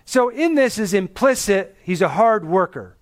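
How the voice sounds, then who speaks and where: At a normal speed and with animation, a man whose voice is noticeably high preaches an expository sermon as a pastor. His style is conversational, relying on stress and rhetorical questions to land each point.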